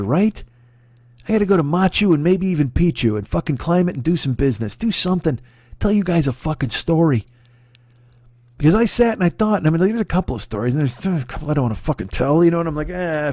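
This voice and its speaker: A man's voice: on the high side, a little mellow, no echo, clean studio sound. A man in his forties hosting a comedy podcast, ranting in a sweary, exasperated, rambling way. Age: 40s. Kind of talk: profane comedic rant.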